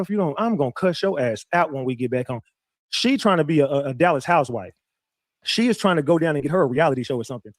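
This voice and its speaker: A man's voice: on the high side, no echo, clean studio sound. Fired-up man retelling courtroom drama. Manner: profane, animated storytelling with repeats; addresses viewers directly. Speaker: streamer commenting on a trial. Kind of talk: casual commentary.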